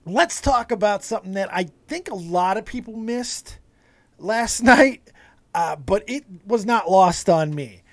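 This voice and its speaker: Animated, profane man reviewing wrestling. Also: high-pitched, no room sound. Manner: animated, swearing, laughing asides. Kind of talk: casual profane commentary.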